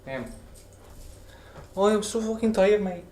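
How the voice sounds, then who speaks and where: A man's voice: high voice, expressive, slow, darkish tone, recorded from a distance, slight background noise, pitched above the performer's own voice. A man doing a put-on Irish accent as a tired bloke, drawling and repeating himself. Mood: weary. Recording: echoey room.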